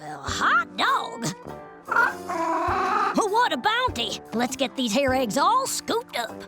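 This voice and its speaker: A woman voicing a folksy, excitable country schoolboy in a cartoon. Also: high voice, takes it slowly, over music, exaggerated voice. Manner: folksy, drawling exclamations.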